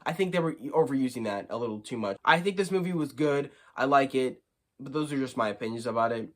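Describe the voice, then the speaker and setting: A young man giving a casual movie review, animated and quick to get worked up. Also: mid-range voice.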